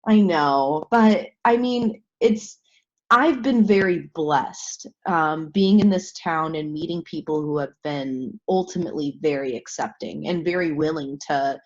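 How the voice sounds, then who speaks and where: A woman's voice: deep voice, measured pace, a little mellow. A woman who performs as a drag king, chatting casually as a guest, hesitant and laughing often. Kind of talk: casual chat. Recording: muffled lo-fi audio.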